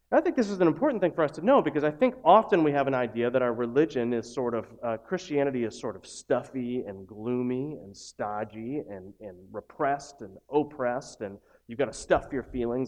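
Guy pastor preaching, chatty sermon, goes quiet then gets loud, middle pitch. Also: expressive, a little fast. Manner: conversational preaching, swings from hushed to loud emphatic lines.

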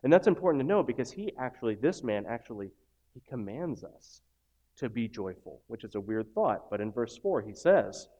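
A male pastor delivering a sermon in a relaxed, conversational manner. His voice sits at an ordinary middle pitch. He drops to a hush on some lines and rises loud and emphatic on others. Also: normal speed.

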